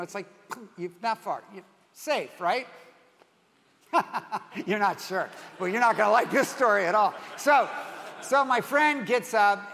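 A high-voiced older man in his sixties is preaching from the pulpit, breaking off into a loose, chuckling personal story. His phrases restart and wander before he gets to the point. A long reverb trails behind every phrase. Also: a bit bright. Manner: rambling, self-interrupting storyteller who laughs at his own tale. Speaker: pastor. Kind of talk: sermon with storytelling.

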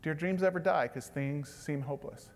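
Male pastor preaching, a bit high-pitched, swings between hushed and emphatic, long reverb of a big church hall. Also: fairly quick. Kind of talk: sermon.

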